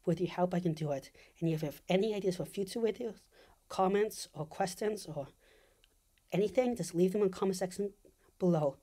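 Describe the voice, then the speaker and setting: A woman's voice: lowish voice, brisk, dark tone. A woman closing her video in a casual vlog style, earnest and a little hesitant as she asks viewers for support. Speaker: YouTuber.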